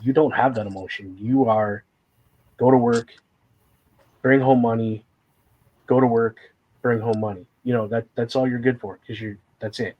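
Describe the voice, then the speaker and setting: A man's mid-range voice holds a steady tone at a moderate pace, pausing often, with the high frequencies cut off. As a guest in a casual conversation, he shares a personal story candidly and emotionally, rambling with fillers and sometimes fighting back tears.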